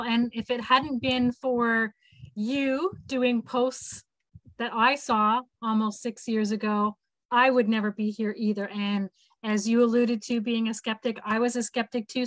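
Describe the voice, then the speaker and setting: A woman's voice: on the high side, a bit bright, no echo, poor audio. A woman in her fifties hosting an online information session, telling a personal story in an earnest, heartfelt way and acting out the lines of the people she quotes. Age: 50s. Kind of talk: casual storytelling. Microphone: video call.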